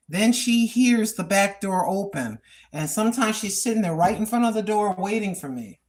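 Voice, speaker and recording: In a casual, rambling monologue, an older cooking and lifestyle vlogger chats away, circling back to the same points and chuckling at her own side remarks. Her voice is mid-range, and a little hiss or hum runs underneath.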